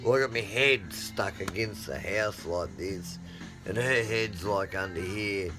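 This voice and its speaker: A middle-aged man vlogging as he tells a long, rambling family story. He swears constantly and swings from loud bursts to low mutters. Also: a little slow, over music. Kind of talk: casual storytelling.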